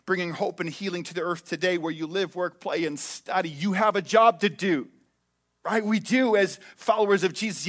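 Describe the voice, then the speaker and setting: Male pastor, high voice, preaching with big swings from emphatic to hushed. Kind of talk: sermon.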